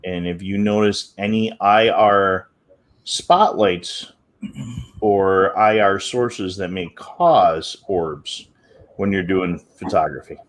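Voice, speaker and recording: A man's voice: deep voice, slow. A man co-hosting a casual podcast chat, asking guests questions in a friendly way. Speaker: podcast co-host.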